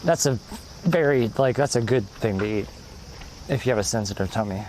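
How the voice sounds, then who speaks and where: A man's voice: medium pitch, lively intonation, a little fast, darkish tone, slight background noise, low-quality recording. A man live-streaming as he walks outdoors, chatting loosely and answering viewers, a little out of breath from the climb. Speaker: walking livestreamer. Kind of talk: casual live-stream chat while walking. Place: outdoors, countryside road.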